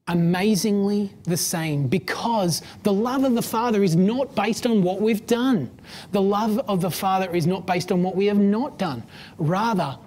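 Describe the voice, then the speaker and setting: A woman's voice: fairly low pitch, darkish tone, slight background noise. A woman preaching a sermon in a conversational way, using many fillers and asking questions of her listeners.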